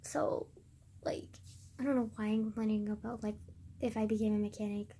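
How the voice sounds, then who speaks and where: A woman's voice: mid-range voice, flat delivery, moderate pace, warm tone, breathy edge. Rambling, swearing young woman vlogger. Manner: rambling, swears a lot, drifts into whispers. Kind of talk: casual rambling vlog.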